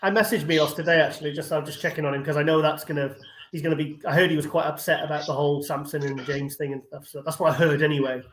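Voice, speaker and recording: A high-pitched man talks at a rapid clip, animated and quick to joke as he chats casually on a live stream. His voice rings in an echoey room with a faint hiss of noise behind it. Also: crowd noise. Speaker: co-host of a bodybuilding watch party. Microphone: remote call setup.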